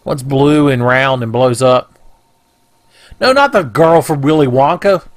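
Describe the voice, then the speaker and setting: A man's voice: mid-range voice, lively intonation, measured pace, no echo, studio quality. A young man casually commentating a video game playthrough, joking, swearing and putting on silly voices. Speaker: let's play commentator.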